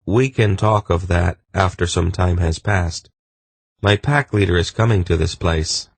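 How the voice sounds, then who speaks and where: A man's voice: deep voice, a little slow, creaky, breathy edge, no room sound, full character voice. A man voicing an earnest, protective young man in wolf form who speaks insistently in an audiobook.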